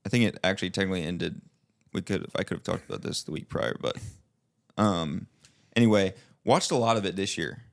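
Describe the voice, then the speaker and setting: A man's voice: low-pitched, brisk, creaky. A young man co-hosting a podcast, chatting casually and rambling with lots of filler words. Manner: rambling, many filler likes and restarts, laughs often. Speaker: podcast co-host. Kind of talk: casual chat.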